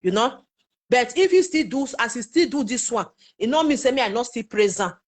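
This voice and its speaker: A woman's voice: a little high, expressive, brisk. A woman with a Nigerian Pidgin accent giving casual live commentary to her viewers, chatty and exclamatory, talking straight to them. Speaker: social media commentator.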